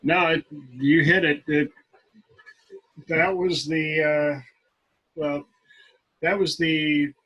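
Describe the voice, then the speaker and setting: A man joining a call who speaks haltingly, searching for words, from away from the mic. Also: a little high, steady tone, a bit bright, husky, dull audio. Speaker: camera operator and associate.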